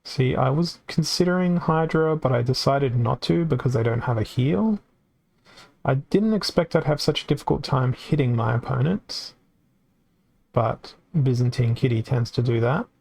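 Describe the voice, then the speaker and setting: A man's voice: mid-range voice, normal speed, creaky, darkish tone. A man with an Australian accent giving casual live-stream commentary on a card game, chatty and reacting aloud as it plays out.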